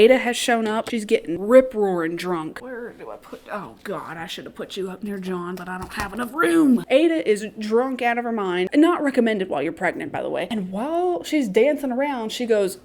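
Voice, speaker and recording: A woman's voice: medium pitch, brisk, few pauses. Chatty sarcastic young woman recapping a show. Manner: chatty, sarcastic and swearing, with sudden excited shrieks. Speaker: recap video host. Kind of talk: casual TV recap.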